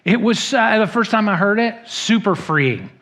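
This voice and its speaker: A man's voice: high-pitched, lively intonation, normal speed, a bit bright. A middle-aged male pastor preaching a sermon in a church, telling stories with self-deprecating humor and acting out quotes. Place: church sanctuary.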